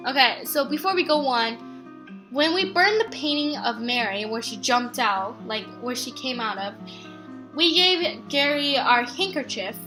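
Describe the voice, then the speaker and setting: High, bright-voiced young woman gamer. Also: unhurried, faint music behind. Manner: chatty, excitable, acts out characters' lines. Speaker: gaming channel host. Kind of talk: let's play commentary.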